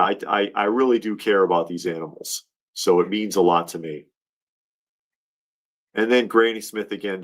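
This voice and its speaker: A man hosting a casual livestream, rambling and heartfelt as he talks, often restarting his sentences. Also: sits low. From Georgia, US. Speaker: livestream host.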